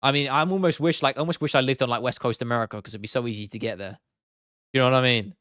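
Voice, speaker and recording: A young man with an English accent replies to his live chat very fast, casual and full of swearing. Smooth, clear and mid-range, his voice is slightly bright, recorded close to the mic with no echo.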